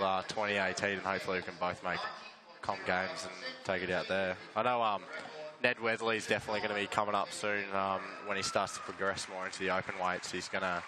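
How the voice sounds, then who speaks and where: Deep, easygoing co-commentator. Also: male voice. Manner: easygoing, rambling. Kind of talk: commentary banter.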